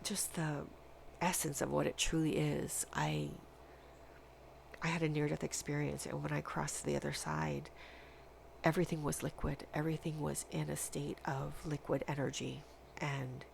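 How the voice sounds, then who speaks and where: A woman giving a spiritual tarot reading, speaking in a dreamy, halting way with long pauses. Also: low voice, creaky, darkish tone, slight background noise. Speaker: tarot reader.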